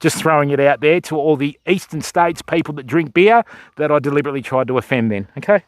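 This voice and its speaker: A man's voice: fairly high pitch, fast talker, no echo. A Western Australian man hosting a fishing livestream outdoors, bantering and joking with his chat. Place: outdoors by a river shore.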